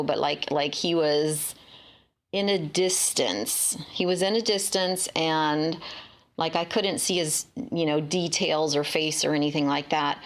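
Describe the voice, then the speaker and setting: A woman recounting a dream in casual spoken testimony, halting and full of fillers and restarts. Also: low-pitched, fairly bright tone.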